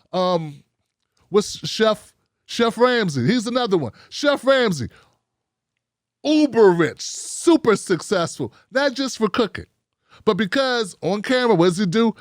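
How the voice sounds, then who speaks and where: A man hosting a commentary show, giving a blunt, animated opinion monologue full of rhetorical questions. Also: sits high, unhurried, dry recording, studio quality.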